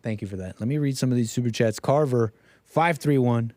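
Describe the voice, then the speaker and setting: A man hosting a live stream in a casual, jokey, animated way, reading out viewer messages and reacting to clips. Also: medium pitch, brisk, no room sound, studio quality. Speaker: livestream host.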